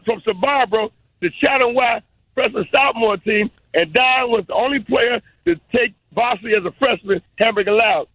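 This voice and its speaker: An older man calls in over a dull, muffled phone line. His voice sits very high and bright for a man, husky at the edges, and dry. He talks like an elder laying down the law, preachy and insistent. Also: no room sound. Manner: preachy, insistent, speaks in proclamations. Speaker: caller, community elder. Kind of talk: phone-in tribute.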